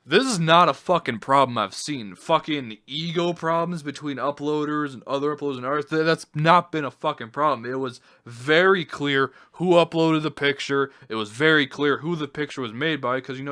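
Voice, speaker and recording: A man's voice: medium pitch, pushed and bright. A man ranting in casual commentary, exasperated and swearing heavily as he talks over his screen. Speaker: vlogger.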